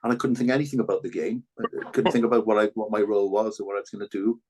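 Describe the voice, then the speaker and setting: An older man, a former rugby player speaking as a podcast guest, telling stories in a halting, earnest way with many restarts. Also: fairly low pitch, steady tone, darkish tone, slightly rough. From Wales. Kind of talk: reflective conversational storytelling.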